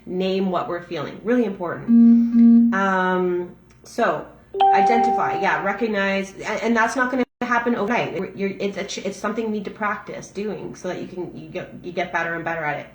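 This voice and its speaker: A middle-aged woman, a massage therapist, talks through a daily reading in a gentle, searching way, often stopping and restarting her sentences. Her voice sits at an ordinary middle pitch for a woman. The room around her rings with noticeable echo. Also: music in the background. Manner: gentle, halting, with frequent restarts and fillers. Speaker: massage therapist and breathwork facilitator. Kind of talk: reflective daily-reading talk.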